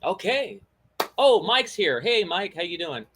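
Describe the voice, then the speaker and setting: A man's voice: high voice, very animated, measured pace, fairly bright tone, a little hiss or hum. Guy hosting a chat show, rambly and friendly, lots of uhs. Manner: rambling, friendly, many fillers and restarts. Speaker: podcast host. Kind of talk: casual chat.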